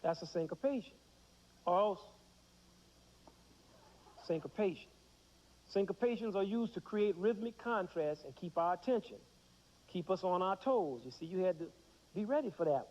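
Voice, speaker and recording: A man explains rhythm to young students with playful energy, counting beats aloud and acting out examples. His voice sits a little high. The sound is dull and lo-fi, like an old 1990s TV broadcast. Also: animated, a little fast, darkish tone, in a large hall. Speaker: music teacher. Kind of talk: teaching children about rhythm.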